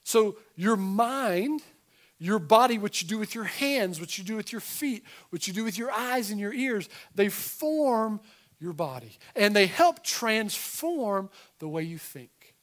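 A middle-aged pastor with a voice that sits high for a man delivers a sermon at a measured pace. He speaks with animated emphasis, pausing for casual asides to the people in front of him.

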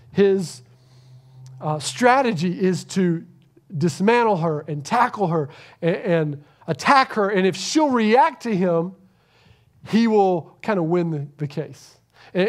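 A man with a high, light voice preaching a sermon in a church. He is earnest, pushing some lines out loudly and dropping others to a hush that is almost a whisper. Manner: earnest, swings from loud emphasis to hushed near-whisper. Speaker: pastor.

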